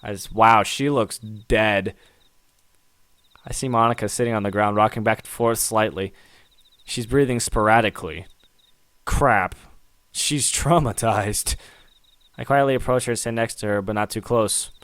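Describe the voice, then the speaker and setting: A man's voice: lowish voice, unhurried, long pauses, a bit bright, clean tone, dry recording. A man reading a visual novel aloud, narrating his actions and reacting dramatically. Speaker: gaming content creator.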